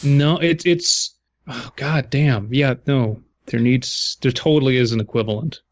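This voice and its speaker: A man's voice: mid-range voice, measured pace, no room sound. Laughing man reading on a podcast. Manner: jokey, laughing, stumbling over slang. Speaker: podcast co-host reading a story. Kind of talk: casual podcast chat and reading.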